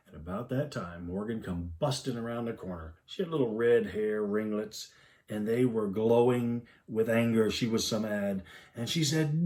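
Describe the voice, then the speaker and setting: A man in his fifties tells a family story in a folksy, easygoing way, chuckling now and then. His voice is mellow and dark in tone. His pitch sits in the ordinary middle for a man. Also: normal speed. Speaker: father telling a family story.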